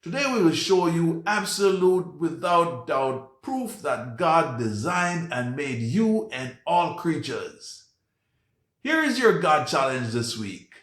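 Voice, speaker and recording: A man presenting a religious science series in scripted narration, with a deliberate, emphatic delivery. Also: mid-range voice, a bit bright, echoey room.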